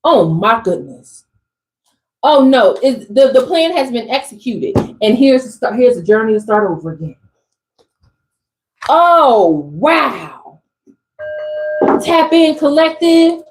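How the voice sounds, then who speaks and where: A woman doing a channeled tarot reading for her viewers, animated and exclamatory, in casual slangy speech. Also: on the high side, takes it slowly, pauses often, background noise. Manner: animated, exclamatory, talks straight to the audience. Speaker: tarot reader.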